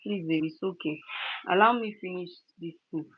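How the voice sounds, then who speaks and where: A woman chatting casually while working as a wig stylist, thinking aloud and softly cooing to a baby. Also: lowish voice, a little fast. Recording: lo-fi with clear background noise.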